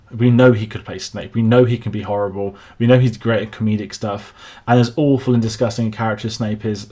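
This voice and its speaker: A man's voice: on the low side, darkish tone. A young man hosting a film news channel, thinking aloud with frequent restarts. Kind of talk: casual commentary to camera.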